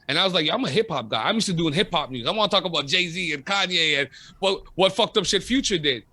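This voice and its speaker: Bright, animated man talking casually. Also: a little high, quick pace, hardly any pauses. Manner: animated, profane, emphatic storytelling. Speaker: radio host and podcaster. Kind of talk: casual interview chat.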